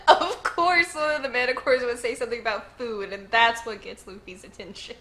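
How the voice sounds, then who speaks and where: Woman host, read-along reactions, chatty and excitable, bright higher voice, unhurried delivery. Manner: chatty and excitable, lots of "like" and "y'all".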